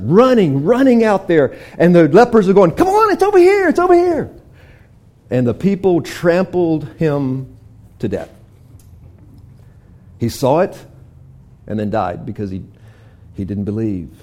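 A man preaching a sermon, retelling a story with animated energy and closing in soft prayer. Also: fairly high pitch. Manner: animated storytelling, prays softly at the end.

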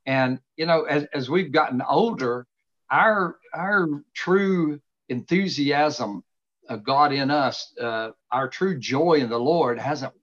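A middle-aged man with a slightly high voice talks over a video call from his study, expounding scripture in an earnest, unhurried way. He leans hard on the words he wants to stress, and the audio is dull and lo-fi. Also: expressive, a bit bright. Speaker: host. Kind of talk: casual faith conversation, teaching. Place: home study with books behind him. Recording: dull lo-fi sound.

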